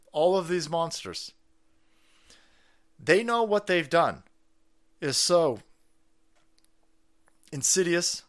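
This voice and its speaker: A middle-aged man hosting a political livestream, ranting in a combative, profane way and laughing often. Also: a little high. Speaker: livestream host.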